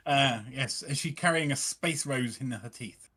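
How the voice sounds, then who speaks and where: A man's voice: mid-range voice, bright, forceful tone. A man playing a tabletop game, talking casually and thinking aloud with many fillers. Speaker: player.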